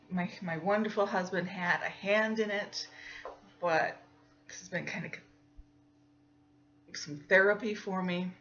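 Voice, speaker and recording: Woman host, mid-pitched, chatty and quick to laugh, dull lo-fi recording. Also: fairly bright tone. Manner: chatty, laughs often, acts out voices in her stories. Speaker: podcast host. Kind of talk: casual storytelling monologue.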